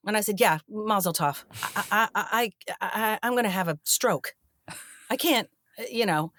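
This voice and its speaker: A middle-aged actress in a casual interview, telling stories and acting out the voices of the people in them. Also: female voice, medium pitch, normal speed, no room sound, studio quality. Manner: animated, acts out quoted dialogue. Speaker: actress guest.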